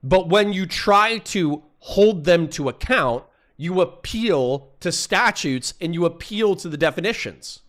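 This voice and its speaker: A man's voice: sits high, animated, fairly bright tone. Profane, combative young man ranting. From Florida. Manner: profane, combative, addresses chat directly; quick self-interruptions and apologies. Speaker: streamer. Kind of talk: heated livestream rant.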